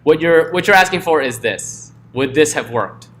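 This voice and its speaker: A man's voice: a little high, lively intonation, moderate pace, fairly bright tone, a little hiss or hum. A man teaching a live coding class in a casual, joking way, often checking in with the room. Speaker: coding instructor.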